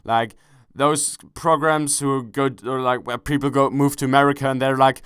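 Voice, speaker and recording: A man's voice: mid-range voice, normal speed, a bit bright, clear, resonant tone, no room sound, studio quality. A young man giving casual gameplay commentary, rambling and self-correcting, swearing casually and joking as he goes. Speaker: gaming commentator. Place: at home, kneeling without a chair.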